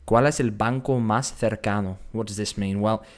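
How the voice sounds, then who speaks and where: A man teaching Spanish in a relaxed, explanatory way, slowing down to sound out phrases and thinking aloud as he goes. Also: on the low side. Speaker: Spanish tutor. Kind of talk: explanatory language lesson.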